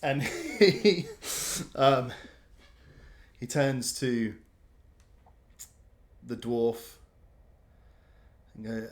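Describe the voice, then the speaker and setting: A male game master narrating a tabletop game at a slow, unhurried pace. He feels his way through descriptions with frequent ums and restarts. His voice sits at a mid pitch. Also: lively intonation. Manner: hesitant, full of ums and restarts.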